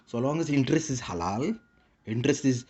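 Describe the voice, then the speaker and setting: A man's voice: mid-range voice, expressive, brisk, a little mellow, husky. A man rambling in a casual monologue with a put-on Indian English accent, repeating short clipped broken-English phrases. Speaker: vlogger.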